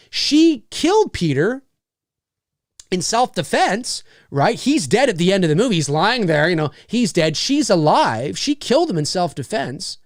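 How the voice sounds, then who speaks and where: A man's voice: high voice, dry recording, clean studio sound. A man hosting a casual live stream, rambling through viewer comments with lots of fillers and frequent laughs. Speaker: live show host.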